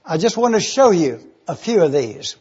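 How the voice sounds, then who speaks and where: Husky, high-voiced preacher teaching. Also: male voice, very animated, normal speed, darkish tone, dull audio. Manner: spells out words letter by letter; enthusiastic teaching. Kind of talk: sermon with word study.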